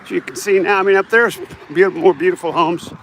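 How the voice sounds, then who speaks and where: A man's voice: high voice, fairly even intonation, fairly quick, fairly bright tone. A man chatting casually to viewers as he walks down a residential street. He rambles along, sounding a little tired. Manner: rambling, chatty, talks to viewers while walking. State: tired, yawning. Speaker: vlogger. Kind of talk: casual walking vlog. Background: passing cars and traffic.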